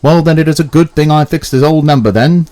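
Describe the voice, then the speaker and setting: A man voicing a brisk, mocking male engine driver in a storybook reading. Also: fairly high pitch, mellow, pitched above the performer's own voice, natural voice. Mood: teasing. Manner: brisk and mocking, turning cross.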